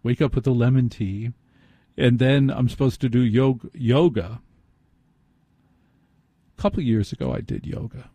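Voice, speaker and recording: A male late-night radio host talks through a self-deprecating anecdote in a husky, mellow voice. The sound is dry and close on a studio mic, with no room around it. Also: medium pitch, measured pace, pauses often, no room sound. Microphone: studio microphone.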